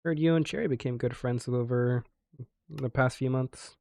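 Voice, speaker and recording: A man's voice: medium pitch, fairly even intonation, normal speed, gravelly, dark tone. A man streaming a game, chatting casually and friendly in role-play. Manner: easygoing, friendly, talks to his chat.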